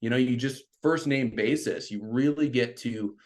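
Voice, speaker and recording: Appearing as a guest on a podcast, a middle-aged man shares a story in relaxed conversation at an ordinary pace. When quoting people, he animatedly leaps into high-pitched voices.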